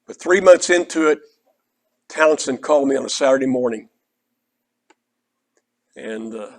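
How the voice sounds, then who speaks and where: Earnest older Southern preacher, storytelling. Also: male voice, mid-range voice, lively intonation, unhurried, long pauses. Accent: Oklahoma Southern. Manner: earnest, conversational, quotes others in dialogue. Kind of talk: storytelling sermon.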